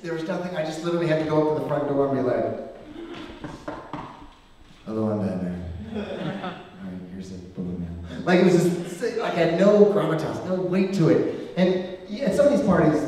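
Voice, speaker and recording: Guy doing standup, lively pitch swings, bit high, echoey hall far from the mic, crowd audible. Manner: animated anecdote telling, many fillers. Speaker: stand-up comedian. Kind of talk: stand-up comedy storytelling. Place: comedy club stage.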